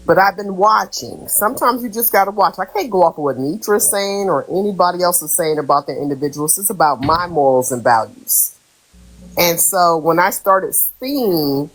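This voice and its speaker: A woman's voice: sits low, rough recording. A woman speaking emphatically and motherly as a guest on a live stream. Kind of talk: casual live-stream chat.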